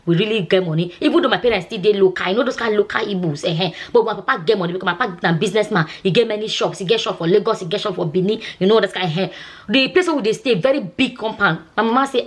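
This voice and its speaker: A woman's voice: medium pitch, rapid-fire. A Nigerian woman vlogger and nurse chatting casually, telling a long story in Nigerian Pidgin and often asking "you understand?". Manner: chatty, repeats herself, asks "you understand?".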